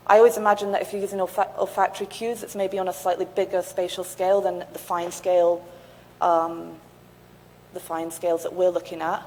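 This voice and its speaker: A woman's voice: fairly low pitch, little pitch movement, fairly quick, darkish tone. A woman finishing her conference talk and thoughtfully answering an audience question. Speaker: conference speaker. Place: lecture hall. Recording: reverberant hall with faint noise.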